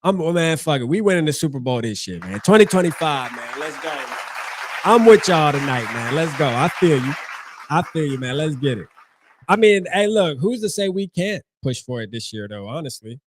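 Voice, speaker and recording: A man hosting a casual sports talk livestream, hyped and slangy, with loud bursts of enthusiasm. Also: a little high, very animated, moderate pace, some chatter behind, slight background noise. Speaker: livestream host.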